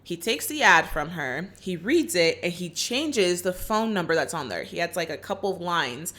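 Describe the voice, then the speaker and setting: A woman's voice: lowish voice, animated, moderate pace, fairly bright tone. A woman casually recapping a film plot in a chatty way, full of asides and fillers. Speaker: film reaction reviewer.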